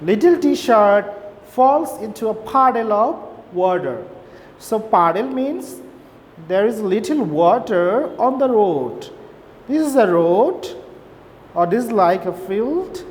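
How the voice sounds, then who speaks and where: Woman, primary teacher, very slow and simple lesson delivery; slightly high voice, reverberant room. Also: very animated, darkish tone. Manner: slow, simple explanations with repeated "okay?". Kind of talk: online English lesson for young children. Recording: long reverb, faint background noise.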